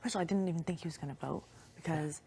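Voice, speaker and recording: A young woman in casual conversation, chiming in with quick agreements and frank, chatty asides. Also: deep voice, vocal fry, mellow, slight background noise. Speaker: reality show houseguest.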